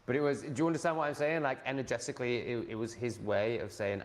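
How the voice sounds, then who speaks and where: A man's voice: medium pitch, steady tone, fast, hardly any pauses. A man ranting casually at home in a blunt, sardonic way, swearing freely. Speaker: vlogger.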